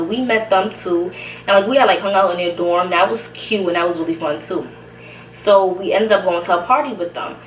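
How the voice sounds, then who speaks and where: Chatty young woman in an echoey room. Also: mid-range voice. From Brooklyn, New York. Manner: chatty, slangy, laughs often. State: out of breath. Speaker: vlogger. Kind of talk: casual storytime. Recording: echoey room, somewhat far from mic, faint hiss.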